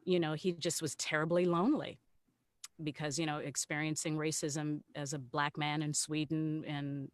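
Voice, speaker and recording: Low-voiced woman telling a lively story. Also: normal speed, dry recording. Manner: lively, laughing often, with many restarts. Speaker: actor and guest. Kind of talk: casual storytelling on an online salon. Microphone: video call.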